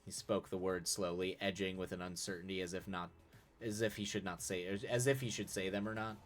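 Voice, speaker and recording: A very deep-voiced male streamer reading a story aloud on a live stream, breaking off for casual, chuckling asides. Faint music plays behind him as he fixes his own slips. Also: steady tone, brisk.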